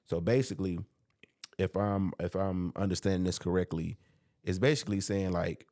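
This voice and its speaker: A man with a lowish voice talks through a scripture passage in a relaxed, preachy way. His speech is casual and full of slang while he explains each line. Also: moderate pace, no echo, studio quality. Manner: preachy, reads scripture aloud, drawls with slang. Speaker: podcast co-host. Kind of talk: casual faith talk.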